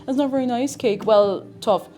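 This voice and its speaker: A woman's voice: on the high side, moderate pace, mellow, faint music behind. A woman streaming herself cooking in a home kitchen, chatting casually and mocking herself as she rambles. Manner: rambling, self-mocking, talks to herself and chat. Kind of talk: casual live-stream chat while cooking.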